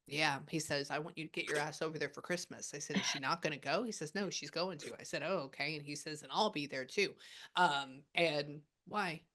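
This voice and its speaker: Woman medium doing a reading, kinda low voice, chatty, keeps stopping to listen. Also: a bit bright. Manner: relays a spirit's words with quick asides and pauses. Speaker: psychic medium. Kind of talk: spirit reading session.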